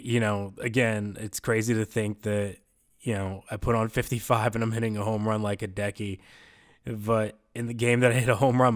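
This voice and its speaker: Halting young man, low flat voice. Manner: halting, hesitant, full of "you know". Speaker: gaming YouTuber. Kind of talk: in-character role-play monologue. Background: background music.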